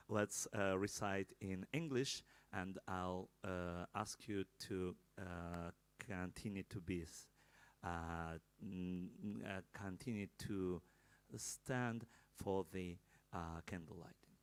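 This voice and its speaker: A man's voice: sits low, fairly even intonation, smooth, dry recording. Israeli man leading a prayer. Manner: halting with many fillers, joking asides to the crowd. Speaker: leader of a candle-lighting prayer. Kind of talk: prayer and remarks at a live celebration.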